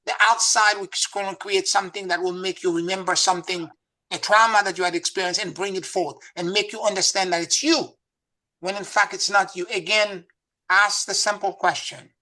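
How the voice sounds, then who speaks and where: A man's voice: sits high, fairly even intonation, brisk, pushed and bright. A man teaching a live class as a spiritual teacher, emphatic and instructive, repeating key words.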